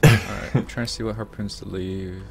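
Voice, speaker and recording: A man in casual game voice chat, making dry, deadpan sarcastic remarks. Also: fairly low pitch, moderate pace, gravelly. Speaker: game player.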